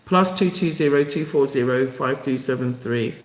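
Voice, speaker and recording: A man's voice: medium pitch, moderate pace, reverberant, rough recording. A man hosting a live stream, speaking emotionally and repeating himself as he rallies his viewers from his home in Africa. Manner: emotional, repetitive, rallying.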